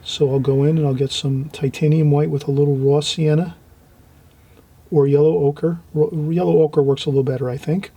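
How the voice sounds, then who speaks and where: A man teaching a watercolour painting demonstration, talking gently as he paints and trailing off into quiet asides. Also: fairly high pitch, steady tone, moderate pace, slightly rough.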